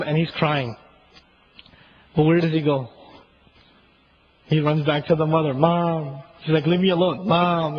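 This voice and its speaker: Male lecturer, rapid conversational delivery, dull lo-fi sound. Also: high voice, breathy edge. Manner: chatty, keeps asking "right?", chuckles often. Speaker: Islamic lecturer.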